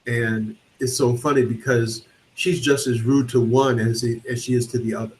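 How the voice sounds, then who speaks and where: Relaxed male movie-review co-host, easygoing chat, light background hiss. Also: mid-range voice, normal speed, poor audio. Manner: relaxed, with fillers while searching for words. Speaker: film review show co-host. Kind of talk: casual film review chat. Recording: faint background noise.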